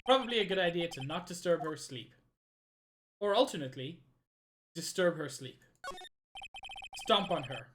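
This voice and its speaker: A woman's voice: lowish voice, expressive, moderate pace, long pauses, a bit bright. A woman from Africa, playfully reading game dialogue aloud with joking asides. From South Africa. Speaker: game streamer. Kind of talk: playing and voicing a game live. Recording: game music underneath.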